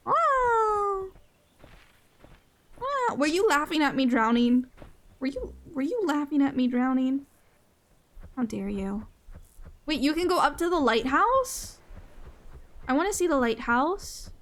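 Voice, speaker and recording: A young woman streaming a game in casual chat, excitable, gasping often and repeating her phrases. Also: high voice, takes it slowly, pauses often, a little hiss or hum.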